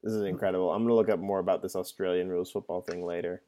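A man co-hosting a casual podcast, excitable and swearing freely as he reacts to what he sees. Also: deep voice, racing, a little hiss or hum. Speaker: podcast co-host. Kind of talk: casual chat.

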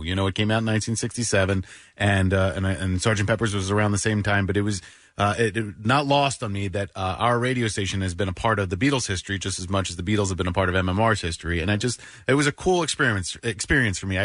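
A man's voice: on the low side, a bit bright, no room sound, clean studio sound. A man telling a story on a radio show in an earnest, reflective way. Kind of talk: casual conversational storytelling.

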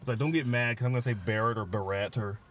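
Talking very fast at a medium pitch with a fairly bright tone, this man co-hosts a casual podcast, rambling with plenty of fillers and restarts. The audio is dull, with a little hiss or hum.

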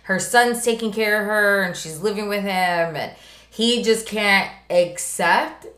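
A woman's voice: medium pitch, a little slow, fairly bright tone. A woman co-hosting a podcast who talks casually and with energy, swearing freely as she retells scenes. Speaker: podcast co-host. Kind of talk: casual chat. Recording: roomy echo.

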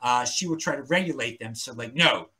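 A man's voice: mid-range voice, brisk. A man from Baltimore County with a Baltimore accent, talking as a podcast guest in opinionated casual chat, rambling and restarting his sentences. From Baltimore County, Maryland. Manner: rambling, animated, repeats words and restarts.

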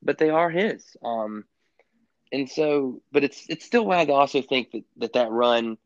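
A man co-hosting a sports podcast in casual chat, rambling with lots of halting restarts. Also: mid-range voice, lively intonation, dry recording. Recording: dull, muffled lo-fi sound.

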